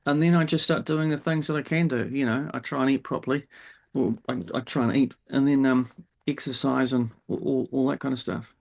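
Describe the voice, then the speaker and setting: A man's voice: mid-range voice, fairly even intonation, a little fast, gravelly, darkish tone. A man, a podcast guest, speaking in an easygoing, reassuring way with frequent restarts. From New Zealand. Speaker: guest, psychologist and TV presenter. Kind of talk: casual interview chat.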